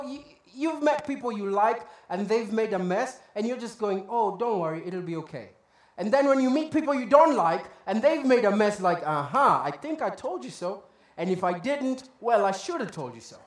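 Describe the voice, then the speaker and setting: Conversational preacher in an echoey hall. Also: mid-range voice. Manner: conversational preaching with asides and acted quotes. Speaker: pastor. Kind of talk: sermon. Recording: echoey room.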